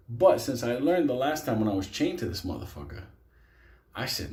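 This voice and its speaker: Profane New storyteller. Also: male voice, medium pitch, a little fast, echoey room. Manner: profane, laughing, animated. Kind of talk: comic storytelling.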